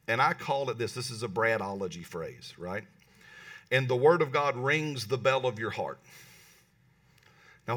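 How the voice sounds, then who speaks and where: Bright-voiced pastor preaching from afar. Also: male voice, mid-range voice, recorded from a distance. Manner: animated, talks to the congregation with calls like "right?". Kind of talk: sermon. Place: church hall.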